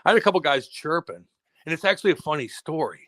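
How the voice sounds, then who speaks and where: Speaking fast in a slightly high voice, a man co-hosting a podcast spins a rowdy, swear-filled tale and performs the quotes himself. There is no echo on the recording.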